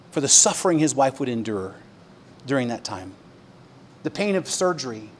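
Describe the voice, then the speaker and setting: Animated man preaching a sermon. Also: on the high side. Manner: conversational preaching with fillers, swinging from hushed to emphatic. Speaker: pastor.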